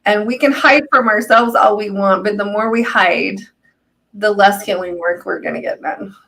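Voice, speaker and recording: A woman speaks in a casual, chatty way as a healer on a live stream. She tells stories, laughs often and acts out the people in them with quick quoted lines. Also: mid-range voice, vocal fry, bright, forceful tone, rough recording. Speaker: healer, co-host.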